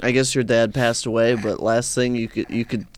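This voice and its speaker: A man's voice: medium pitch, flat delivery, normal speed. A man from Minnesota hosting a podcast in casual, self-deprecating chat. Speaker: podcast host.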